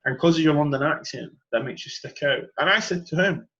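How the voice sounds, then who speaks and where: Speaking a little fast in a slightly high, somewhat bright voice over lo-fi sound, a young man from Edinburgh hosts his podcast. He talks earnestly and with feeling in a conversational monologue, driving his main points home through emphasis and repetition.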